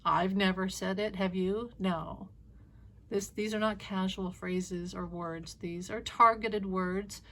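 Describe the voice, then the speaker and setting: A woman giving a casual, opinionated monologue as a spiritual reader, blunt and animated, swearing freely. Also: medium pitch, takes it slowly.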